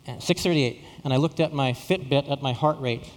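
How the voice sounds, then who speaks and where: A man's voice: medium pitch, brisk, long reverb tail. A middle-aged man from Saskatchewan, a pastor telling a story in a sermon, often repeating words with self-deprecating humor. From Saskatchewan, Canada.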